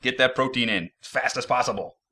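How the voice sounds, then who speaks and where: A man's voice: medium pitch, a little fast, bright, forceful tone. A man hosting a casual podcast interview, upbeat and joking, full of enthusiasm. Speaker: host. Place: San Jose, California.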